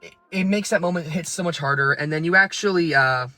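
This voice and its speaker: A man giving a rambling, excitable spoken book review from his car, swearing freely as he talks. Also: a little high, a little fast, dry recording, soft background music. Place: parked car.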